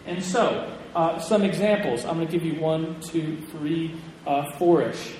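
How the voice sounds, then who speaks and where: A man teaching a Bible class to a group in a casual, chatty way, with an animated storytelling manner and frequent restarts, in a large hall. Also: on the high side, a little slow. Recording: echoey hall with long reverb, faint room noise.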